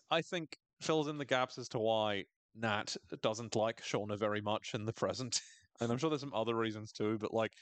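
A man hosting a podcast, recapping a TV episode in casual, animated talk, swearing and laughing often. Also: medium pitch, no echo. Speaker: podcast host.

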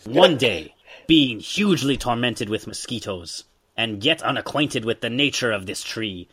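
A man putting on an old-timey pirate voice to read an explorer's account aloud. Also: mid-range voice. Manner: loud theatrical pirate recitation. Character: old-timey male pirate chronicler, gruff.

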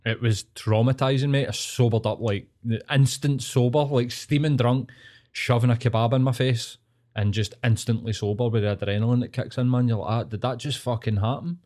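A man with a Glaswegian Scottish accent, co-hosting a podcast, telling stories in a casual, sweary, animated way. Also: mid-range voice, a little fast. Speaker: podcast co-host. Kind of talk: casual chat.

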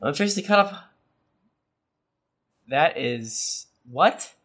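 A man's voice: on the high side, expressive, slow, fairly bright tone. A man co-hosting a podcast, reading listener reviews aloud with a joking, mock-serious delivery. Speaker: podcast co-host.

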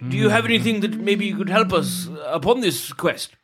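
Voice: mid-range voice, animated, brisk, fairly bright tone, slightly rough. A player speaking in character during a tabletop game, in a formal, mock-heroic way.

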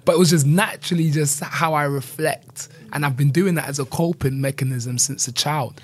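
In a reflective conversational interview, a male guest speaks earnestly and candidly, frequently saying "you know." His voice sits on the high side, with a steady tone and moderate pace.

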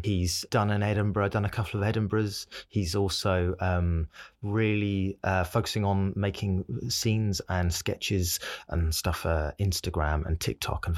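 Rambling British male podcast host. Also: lowish voice. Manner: rambling, with many fillers and restarts. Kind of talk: casual podcast intro and chat.

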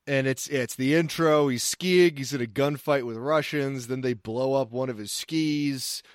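A man's voice: medium pitch, a little slow, clean tone, no room sound, studio quality. A man co-hosting a podcast in casual, crude, rambling, jokey chat. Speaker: podcast co-host.

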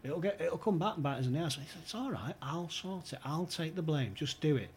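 Brisk and a little high, a man's voice carries a comic football story on a podcast where he's a guest. He's animated, voicing the quotes himself and laughing frequently, against slight background noise.

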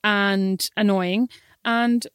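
A woman's voice: mid-range voice, fairly even intonation, drawn-out words, clear, resonant tone, no echo, studio quality. A woman co-hosting a casual chat, teasing her friend and telling stories with lots of animation. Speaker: podcast co-host.

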